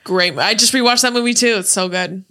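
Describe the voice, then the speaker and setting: A woman's voice: medium pitch, brisk, sharp tone. A young woman co-hosting a podcast in casual chat, laughing and swearing as she quotes movie lines. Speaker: podcast co-host.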